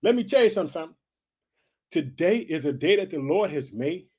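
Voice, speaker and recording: A man's voice: a little high, expressive, brisk, a little mellow, husky. A man in his forties from the United States, hosting a preaching podcast with a fervent, repetitive style full of calls of hallelujah.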